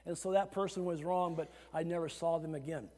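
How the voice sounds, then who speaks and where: High-pitched preacher guy, animated, chatty asides, big reverby sanctuary. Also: a little fast. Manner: animated preaching, rising to shouts. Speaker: pastor. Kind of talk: sermon. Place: church sanctuary. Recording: long hall reverb.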